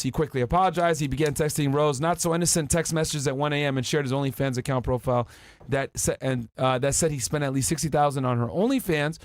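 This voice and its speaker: A man's voice: fairly high pitch, fast, hardly any pauses, dry recording, clean studio sound. A man hosting a podcast, ranting and swearing as he reads out messages. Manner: profane, animated ranting while reading texts aloud. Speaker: podcast host. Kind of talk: casual podcast commentary.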